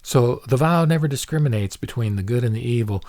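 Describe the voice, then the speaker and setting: Measured man explaining a Buddhist text. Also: medium pitch, lively intonation, a little mellow, dry recording, studio quality. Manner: measured, slows down to stress key words. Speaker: Buddhist teacher giving commentary. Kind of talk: reflective spoken commentary on a scripture.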